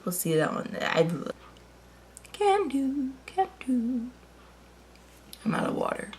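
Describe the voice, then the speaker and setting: A woman's voice: high-pitched, big pitch swings, takes it slowly, a little hiss or hum. A woman vlogger talking casually to herself at home, pleading with her gear and muttering half-whispered asides. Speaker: TV reaction vlogger. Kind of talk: casual chat to herself while setting up. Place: home room by her chair, dog nearby.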